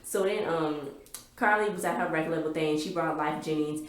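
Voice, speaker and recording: A woman giving a rambling, excitable casual recap of a TV episode, full of fillers. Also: deep voice, moderate pace, reverberant. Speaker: TV recap vlogger.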